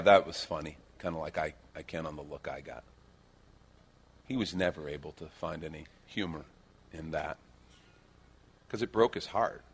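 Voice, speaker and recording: A man preaching a sermon, telling stories with lively shifts into acted-out quotes. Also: husky. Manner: animated storytelling, acts out quotes with big pitch swings. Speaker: pastor.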